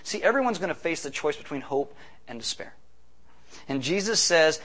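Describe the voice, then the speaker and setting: A man preaching a sermon as pastor, conversational, with quick asides and rhetorical questions. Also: fairly high pitch, animated, fairly bright tone.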